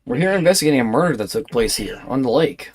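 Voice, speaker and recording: A man's voice: medium pitch, animated, fast talker, over music, natural voice. A man voicing an earnest young male defense attorney, reading game lines aloud.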